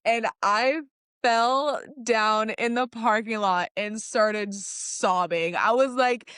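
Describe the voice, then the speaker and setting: Mulher jovem contando história, risonha, som seco. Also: female voice, fairly high pitch, slow, clear, resonant tone, dry recording, studio quality. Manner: animated, laughs often, acts out quotes. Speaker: podcast guest. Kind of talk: casual chat, storytelling.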